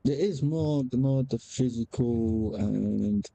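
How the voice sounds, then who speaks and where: A man's voice: mid-range voice, slow, creaky, warm tone, dry recording. A man, chatting candidly as a game streamer, rambling with frequent restarts and casual swearing. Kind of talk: casual chat while gaming.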